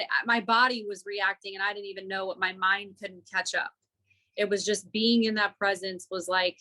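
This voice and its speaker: Bright-voiced woman talking candidly. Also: medium pitch, rough recording. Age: adult, single mother. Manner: candid, rambling, heavy on fillers. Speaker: guest, women's coach. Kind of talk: casual podcast conversation.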